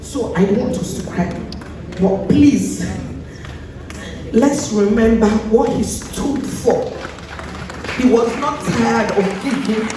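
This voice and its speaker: A woman's voice: on the high side, takes it slowly, long pauses. A Nigerian woman giving an earnest, pleading tribute speech, often quoting a friend. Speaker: speaker at a tribute event. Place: large event hall. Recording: echoey hall from far off, background noise.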